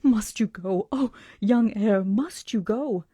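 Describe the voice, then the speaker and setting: A woman's voice: medium pitch, slow pace, mellow, breathy edge, dry recording, clean studio sound, voice pushed up. A woman reading a book aloud and voicing a hysterical elderly peasant woman who pleads and repeats herself. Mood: pleading. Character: frantic elderly peasant woman, innkeeper's wife.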